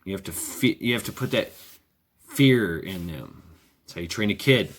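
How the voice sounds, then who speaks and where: A man's voice: low-pitched, expressive, normal speed. A man talking in a casual, rambling monologue, sardonic and profane, chuckling often. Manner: wry. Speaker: vlogger.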